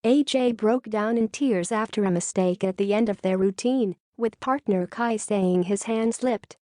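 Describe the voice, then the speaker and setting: A woman narrating a scripted entertainment news story in an even read-aloud delivery. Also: mid-range voice, measured pace, dry recording, clean studio sound.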